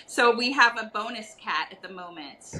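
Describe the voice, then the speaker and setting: A woman's voice: fairly high pitch, expressive, unhurried, poor audio. A woman guest potter in a casual video-call chat, talking with frequent ums and easy laughs. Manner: warm, hesitant with many ums.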